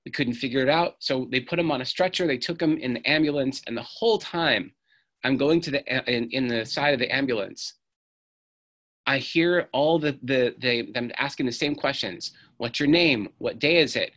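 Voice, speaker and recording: A man's voice: medium pitch, normal speed, a bit bright. A middle-aged man giving an earnest storytelling talk on stage, acting out the voices he quotes. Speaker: speaker.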